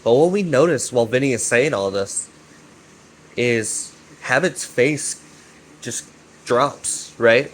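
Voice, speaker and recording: Excitable, cussing man rambling through a recap. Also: mid-range voice, slow pace, pauses often, a little hiss or hum. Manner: excitable, profane, repeats himself and keeps asking "right?". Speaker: YouTube commentator.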